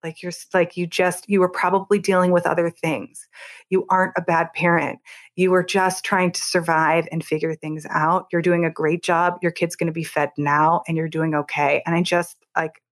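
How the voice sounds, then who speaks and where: A woman in her thirties, a podcast guest, talking earnestly and reassuringly in an interview, with quick asides and restarts. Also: fairly low pitch, level tone. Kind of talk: conversational interview.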